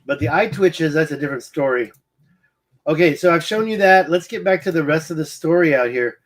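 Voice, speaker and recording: Hiccuping, eye twitching, a man presenting his own satellite map research on a screen-share mutters distractedly, restarts sentences and gets sidetracked. His voice is fairly high-pitched and he speaks fairly quickly.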